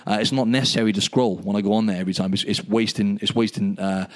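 A man co-hosting a podcast over a video call, chatting in an animated storytelling way and saying "mate" often. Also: lowish voice, quick pace. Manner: animated storyteller, says "mate" and "you know what I mean" a lot. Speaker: podcast co-host.

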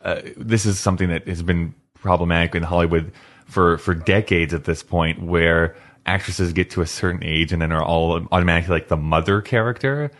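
A man's voice: low voice, fairly quick. A man guest on a podcast, chatting casually and sounding wry and opinionated. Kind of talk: casual chat.

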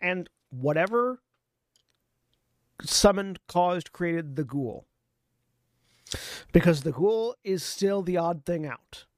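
Brief: male game master, slightly high voice, calm and explanatory, dry close mic. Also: slow, pauses often, no room sound. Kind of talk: running a tabletop horror game.

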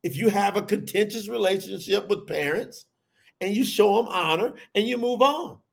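High, gravelly-voiced preacher man. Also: moderate pace. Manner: animated, addresses the audience as y'all. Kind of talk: sermon.

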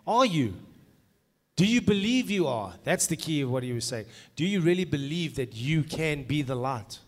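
A male preacher with a fairly high voice that swings all over its range tells an anecdote in a conversational way, like an animated storyteller. The sound carries a long hall reverb from a church meeting room. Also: moderate pace. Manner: animated storyteller, laughs at own jokes.

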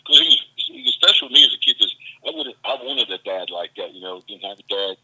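Southern man, lively rambling talk. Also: fairly low pitch, fast, husky, poor audio. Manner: rambling, stop-start storytelling. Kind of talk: casual chat.

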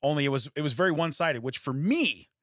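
A man co-hosts a podcast, answering his partner with quick wisecracks and easy laughs. His voice sits a little high and sounds bright and forward. The recording is dry and close. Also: lively intonation, dry recording. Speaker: podcast co-host. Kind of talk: casual chat.

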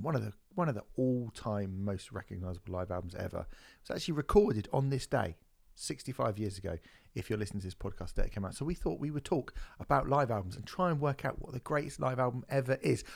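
A man's voice: medium pitch, creaky. A man co-hosting a music podcast, joking and bantering casually, swearing now and then. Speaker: podcast co-host.

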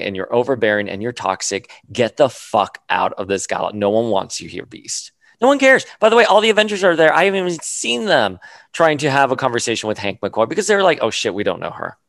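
A man hosting a casual chat, animated and quick to swing into mock outrage, with touches in his speech. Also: lowish voice, no room sound. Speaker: podcast host.

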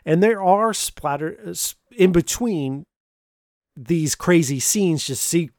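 A man with a fairly high voice talks through a film plot in a loose, joking way. He keeps restarting his sentences. The sound is dry and close to the mic. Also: no echo. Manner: animated, joking, frequent restarts. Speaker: podcast host reviewing films. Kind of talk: casual film recap.

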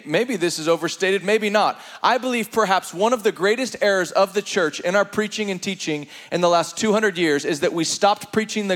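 Man preaching, high voice, lively, playful asides to the crowd. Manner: animated, playful, laughing asides to the congregation. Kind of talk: energetic sermon.

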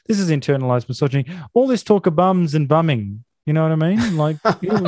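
A man co-hosting a podcast, recapping a film in deadpan sarcasm and mock outrage. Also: on the high side, fairly quick, noisy background. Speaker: podcast co-host.

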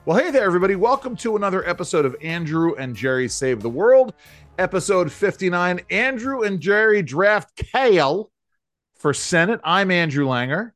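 A man's voice: high voice, a little fast, soft background music. A man co-hosting a casual political podcast, jokey and playful with voices. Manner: jokey, animated, plays with voices. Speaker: podcast co-host.

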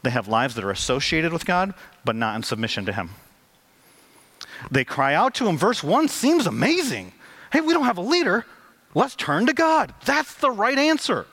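A man's voice: a little high, a bit bright. A male pastor preaching a conversational sermon, acting out quotes with lots of energy.

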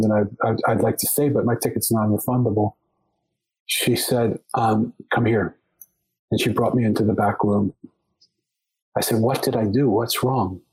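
A man's voice: lowish voice, a little mellow, slightly rough, poor audio. A man, a podcast guest, telling a long story in conversation, often restarting and repeating words as he goes.

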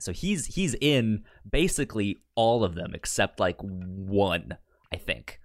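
A man's voice: lowish voice, slow pace, no room sound, clean studio sound. A man co-hosting a podcast, chatting casually in a rambling way, often restarting words and laughing. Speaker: podcast co-host. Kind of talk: casual chat.

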